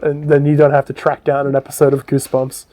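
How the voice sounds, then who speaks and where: A man's voice: mid-range voice, monotone, fast, mellow. A man co-hosting a casual chat, animatedly retelling scenes and swearing freely. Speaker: podcast co-host. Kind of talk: casual chat recapping a book and show.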